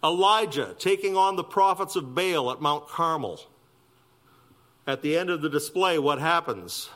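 A man, preaching a sermon with animated delivery that climbs loud and high for emphasis and drops to near whispers. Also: measured pace. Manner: animated preaching, rising loud and high for emphasis, dropping soft for quiet lines. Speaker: pastor.

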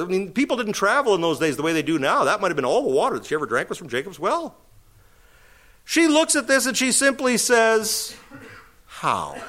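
A man preaching a sermon, explaining scripture in an animated teaching manner with emphatic pauses and occasional laughs. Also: sits high. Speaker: pastor.

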